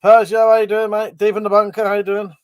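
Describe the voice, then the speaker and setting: A man's voice: high voice, monotone, fast, smooth. A man hosting a casual live stream, reading out chat comments, rambling and swearing, short of breath and yawning. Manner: chatty, swearing, reads chat aloud and rambles.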